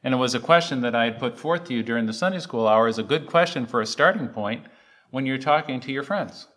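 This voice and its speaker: A man's voice: mid-range voice, fast, fairly bright tone. A man preaching a sermon, reciting scripture and asking the congregation emphatic questions. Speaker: pastor.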